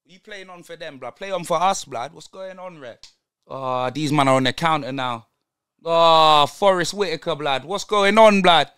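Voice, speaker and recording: Excitable young man. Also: on the high side, normal speed, smooth, dry recording, studio quality. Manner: excitable, slang-heavy banter. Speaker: football fan channel host. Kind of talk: live match reaction commentary.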